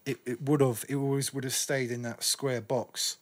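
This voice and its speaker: A man from northwest London with a London accent, chatting casually as a guest DJ and sharing memories with slang and shout-outs. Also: mid-range voice, flat delivery, normal speed. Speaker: guest DJ and radio presenter. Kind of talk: casual interview chat.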